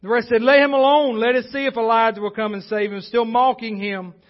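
A man's voice: extremely high pitch, steady tone, fairly quick. A man preaching a sermon as pastor, earnest and building in intensity as he presses his points. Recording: dull lo-fi livestream audio.

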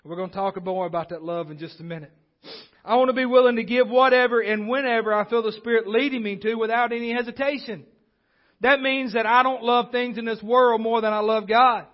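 A man with a high-pitched voice delivers a sermon from the pulpit, speaking conversationally and often stumbling into restarts. The sound is dull and lo-fi, as if captured on modest equipment. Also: steady tone, fairly quick. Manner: conversational preaching with frequent restarts. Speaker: pastor. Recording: dull lo-fi recording.

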